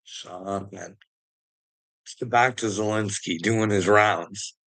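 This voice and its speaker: A man from Canada rants in a loose, unscripted monologue, his voice bright and forceful. He swears freely, wanders off mid-sentence and lets out short laughs between points. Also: fairly low pitch, slow pace, vocal fry. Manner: profane, rambling, laughs between remarks. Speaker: political commentary host. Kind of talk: casual ranting monologue.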